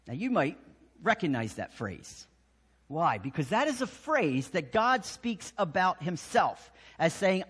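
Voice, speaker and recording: A man preaching a sermon in a church sanctuary, his voice set fairly high and swinging widely in pitch. He acts out voices, then drops to a hush. His words ring out in a long church reverb. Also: measured pace, breathy edge. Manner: animated storytelling, acting out voices with sudden drops to a hush. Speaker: pastor.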